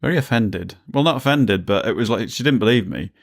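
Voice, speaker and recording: A low-pitched man with a gravelly, creaky edge co-hosts a casual podcast, ribbing his partner and laughing often. He wanders into long rambling stories from his school days. He talks close to a desk mic. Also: animated, a little fast. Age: adult, grew up before the internet. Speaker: podcast co-host. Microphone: studio mic on a desk.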